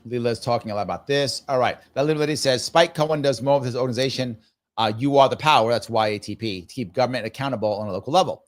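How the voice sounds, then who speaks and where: A man in his fifties hosts a live stream and answers viewer comments as he reads them. He talks casually and thinks aloud, circling back over his own phrases. His voice sits at an ordinary middle pitch. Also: fast. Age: 50s. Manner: casual, musing, repeats phrases. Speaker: show host.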